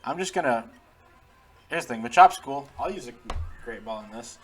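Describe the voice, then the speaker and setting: A man's voice: medium pitch, animated, moderate pace. Chatty man talking over gameplay. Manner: chatty, laughs often, talks to the game. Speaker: gaming channel host. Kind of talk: casual let's-play commentary.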